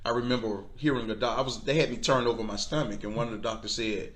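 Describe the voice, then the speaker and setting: A man's voice: mid-range voice, fast talker, few pauses. A man telling a personal faith testimony, acting out other people's voices and laughing often. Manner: animated, acts out quoted voices, laughs often. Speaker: guest. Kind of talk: storytelling testimony.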